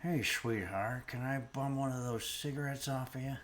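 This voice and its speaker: A man putting on the voice of a gruff old-time movie tough guy who bums cigarettes, in a low murmured drawl. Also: normal speed, lightly acted. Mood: wheedling.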